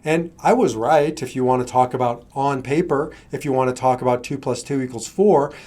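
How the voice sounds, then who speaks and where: A man's voice: mid-range voice, normal speed, mellow. A middle-aged man giving an earnest, conversational motivational talk as a coach, now and then acting out both sides of an argument. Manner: earnest, conversational, acts out his own side of an argument.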